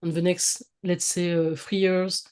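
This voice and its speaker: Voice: medium pitch, level tone, unhurried, darkish tone, smooth. A guest with a French accent giving advice over a video call, hesitant, with many fillers and restarts. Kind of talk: casual advice in a video interview.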